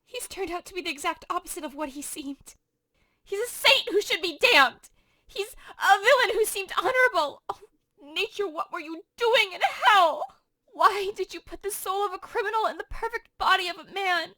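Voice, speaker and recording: A woman's voice: extremely high pitch, animated, normal speed, sharp tone, dry recording, voice pushed up, full character voice. A woman reading as a passionate, distraught young teenage girl in a dramatic reading for a class. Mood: shocked. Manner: emotional dramatic reading in modern paraphrase.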